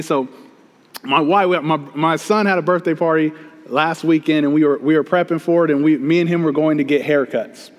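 A man's voice: a little high, in a large hall. A man preaching a sermon, telling a personal story in a conversational way to his congregation. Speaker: pastor.

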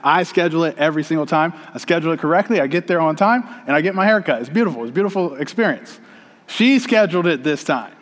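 A man's voice: fairly high pitch, animated, quick pace. Male pastor, conversational, reverberant hall. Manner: conversational storytelling, addressing the congregation. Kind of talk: sermon.

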